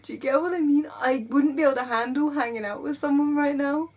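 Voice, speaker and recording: A woman's voice: high-pitched, brisk, darkish tone, muffled recording. A woman, vlogging in a rambling, self-mocking way from an airbed in her bedroom. She is burnt out and tearful, and laughs often. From England. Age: 20s. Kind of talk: casual confessional vlog.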